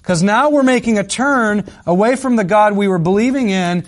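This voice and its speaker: Male pastor, high voice, earnest conversational sermon delivery with emphatic swells. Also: normal speed. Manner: earnest, conversational storytelling, rising to emphatic peaks.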